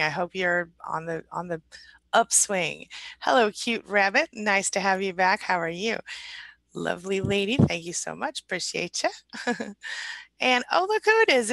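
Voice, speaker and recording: A middle-aged woman hosting a live coaching stream, warm and chatty as she greets viewers. Her voice is bright with a touch of vocal fry. The recording is dry and close to the mic. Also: medium pitch, no echo. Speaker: relationship recovery coach.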